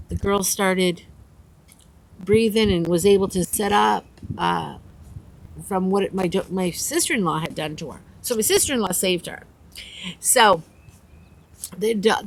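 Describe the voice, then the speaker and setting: A woman's voice: medium pitch, rough recording. An older woman vlogging outdoors, chatting and telling stories in a rambling way. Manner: chatty, rambling, acts out quotes. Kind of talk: casual storytelling chat. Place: outdoors on a windy day. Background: faint wind noise.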